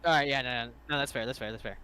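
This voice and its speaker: A man's voice: medium pitch, very fast, sharp tone, clean tone. A man running a tabletop game as game master, chatting loosely and swearing freely. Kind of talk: casual game-table chat.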